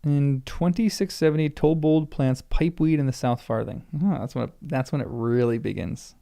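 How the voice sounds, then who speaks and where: Man reading aloud, gravelly, mellow tone, trips over names, thinks out loud. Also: medium pitch, normal speed. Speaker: first-time reader.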